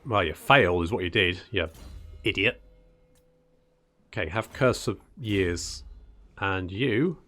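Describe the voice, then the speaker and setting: A man's voice: deep voice, slow pace, long pauses, sharp tone. A man hosting a casual strategy game let's-play, chatting and muttering to himself as he plays and calling his units "buddy". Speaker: gaming channel host.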